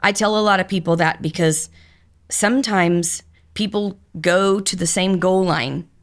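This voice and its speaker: A woman's voice: medium pitch, measured pace. A middle-aged woman guest on a podcast, telling her story frankly and openly in long, run-on conversational stretches. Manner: frank and open, talks in long run-on stories. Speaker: podcast guest, business owner.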